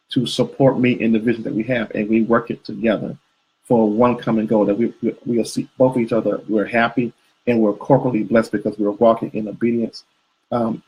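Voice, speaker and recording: A man's voice: medium pitch, breathy edge, rough recording. A man co-hosting a live couples show, talking casually and rambling with fillers and restarts. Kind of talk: live video chat with viewers.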